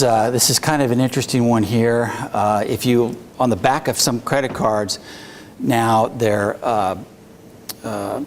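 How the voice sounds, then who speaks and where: A police investigator giving an informal, halting presentation, full of fillers and restarts. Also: male voice, on the low side, slight background noise. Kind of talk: informal presentation at a public talk.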